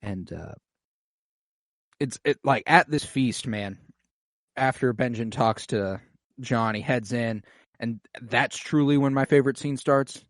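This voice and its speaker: A man's voice: mid-range voice, measured pace, long pauses, dry recording, clean studio sound. Laid-back slangy male podcast host. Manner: laid-back, slangy retelling with quoted lines. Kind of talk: casual chat, recapping a TV episode.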